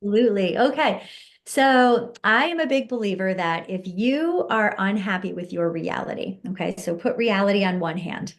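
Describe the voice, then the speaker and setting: A woman coach guests on a podcast and talks at a middle pitch. She explains a tapping routine step by step and speaks affirmations in a slow, soothing way. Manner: calm, instructive, soothing affirmations. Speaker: guest, empowerment coach and hypnotist. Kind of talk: podcast interview, guiding a tapping exercise.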